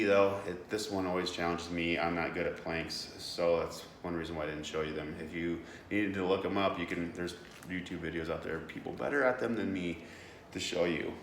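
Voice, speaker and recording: A man's voice: deep voice, moderate pace, a bit bright, far from the mic. A young man giving a casual devotional talk as host, earnest and plain-spoken, with many fillers and restarts. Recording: echoey room, away from the mic, faint background noise.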